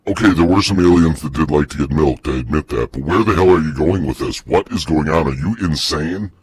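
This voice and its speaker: A man voicing an irritable middle-aged ex-Area-51 scientist who sounds gruff and exasperated and keeps repeating himself. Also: rumbling low, a little fast, a little mellow, no echo, voice pushed down. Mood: irritated.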